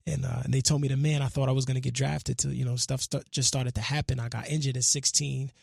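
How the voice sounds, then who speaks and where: A man, telling his life story as a guest in a radio studio, animated and full of casual slang, acting out the voices of people he quotes. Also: mid-range voice, quick pace, gravelly, slightly rough, no room sound. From Brooklyn, New York. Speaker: musician and actor guest.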